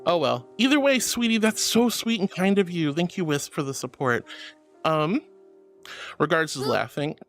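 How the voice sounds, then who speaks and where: A man's voice: a little high, animated, normal speed, fairly bright tone, faint music behind. A young man streaming, reading chat messages aloud in an affectionate, theatrical way, calling viewers honey and sweetie.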